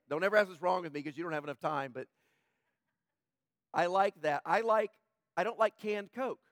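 A man with a high, slightly rough voice preaches to his congregation. He stays conversational, drifting into joking asides. The sound is dry and close, with no room around it. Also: no room sound. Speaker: pastor. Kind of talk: sermon.

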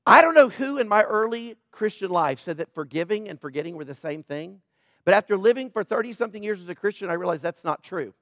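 A middle-aged man delivers a sermon in a chatty, sarcastic tone, slipping into quiet asides. His voice sits high for a man. The sound is close and dry, with no room around it. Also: lively intonation, fast, dry recording. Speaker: pastor.

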